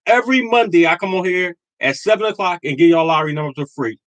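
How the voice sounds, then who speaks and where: Older male streamer, high voice, dry close sound, hammers each point twice with preacher-like conviction. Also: fast, no echo, low-quality recording. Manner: emphatic and repetitive, preaching conviction. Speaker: lottery tips host. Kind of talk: live stream talking to chat.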